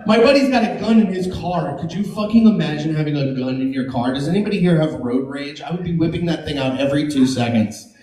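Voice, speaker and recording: A man performing a stand-up comedy set, animated and jumping into silly high voices for his bits. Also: fast talker. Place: comedy club stage. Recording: echoey club from a distance with crowd laughter. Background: audience laughing.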